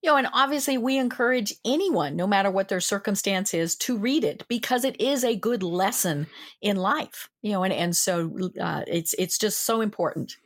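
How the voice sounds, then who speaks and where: A woman's voice: mid-range voice, normal speed, dry recording, clean studio sound. A woman hosting a talk show who introduces segments and plays along with her co-host's jokes by asking eager questions. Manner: lively, playing along with questions. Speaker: show host. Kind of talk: casual chat.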